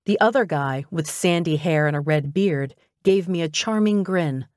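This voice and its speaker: A woman reading a first-person audiobook in an expressive, conversational way. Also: low-pitched, moderate pace, dry recording, studio quality. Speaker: audiobook narrator.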